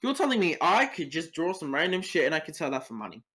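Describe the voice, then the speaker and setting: Animated teenage boy ranting solo. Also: fairly high pitch. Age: teens. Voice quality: animated, sweary ranting, fast tangents. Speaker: podcast host. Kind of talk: solo podcast rant.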